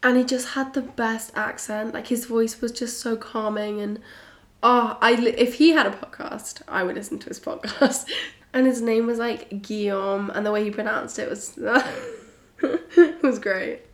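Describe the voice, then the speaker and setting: A young British woman hosting a casual solo podcast, bubbly and chatty with frequent giggles, her voice a little croaky and husky. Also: a little high, a little slow. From Britain. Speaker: podcast host. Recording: roomy echo.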